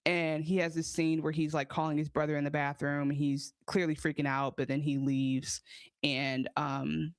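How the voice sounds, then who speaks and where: A woman gives a lively, casual recap of a TV episode, acting out her own reactions along the way. Her pitch jumps around a lot. The sound is dry and close. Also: normal speed, clear, resonant tone, no echo. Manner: animated, swearing, acts out her own reactions. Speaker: podcast co-host.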